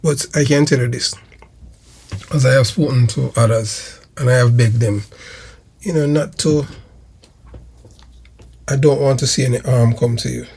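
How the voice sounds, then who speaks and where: A Jamaican man hosts a commentary channel and denounces his target in a slow, repetitive, emphatic monologue. His voice is gravelly and husky, with a rough fry running through it, and it sits at an ordinary male pitch. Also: steady tone, darkish tone. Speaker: channel host.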